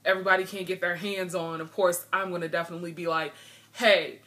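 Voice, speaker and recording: A woman's voice: fairly low pitch, little pitch movement, fast talker, fairly bright tone. A woman vlogging in earnest, frank talk, a bit emotional and frustrated as she speaks. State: a little emotional. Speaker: video blogger. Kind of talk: heartfelt vlog talk.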